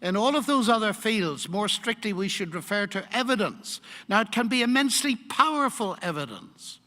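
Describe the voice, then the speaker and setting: An older man giving a public lecture in a university hall, measured and emphatic, posing rhetorical questions. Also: high voice, expressive, bright, forceful tone. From United Kingdom. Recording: long hall reverb.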